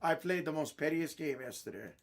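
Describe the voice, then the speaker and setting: Guy venting about a dealership visit, kinda high voice, blunt and annoyed, keeps clearing his throat. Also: lively intonation, a little fast. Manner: irritated, blunt anecdote telling with frequent throat clearing. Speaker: box break host. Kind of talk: casual storytelling chat.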